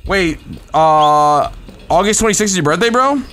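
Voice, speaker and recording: Excitable swearing young streamer. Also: male voice, sits high, normal speed. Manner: excitable, swearing, chatting with viewers. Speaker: game streamer. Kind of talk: live gameplay commentary.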